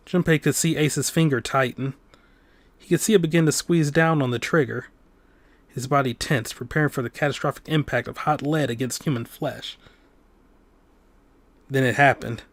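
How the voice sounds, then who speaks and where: A man hosting a let's play, reading a visual novel's narration aloud in a steady, even tone. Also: mid-range voice, normal speed, pauses often.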